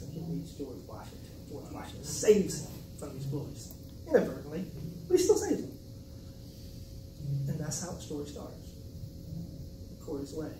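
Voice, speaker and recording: A man from South Carolina, an author giving a casual, joking talk about his writing. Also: on the high side. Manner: casual, conversational, joking asides. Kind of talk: personal storytelling speech. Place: event venue, indoors. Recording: roomy, distant mic, noisy.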